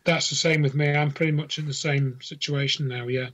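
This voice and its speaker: A man talking earnestly in casual chat, halting at first, then emphatic. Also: fairly high pitch, steady tone, a bit bright, slight background noise. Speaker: guest. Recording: dull lo-fi audio.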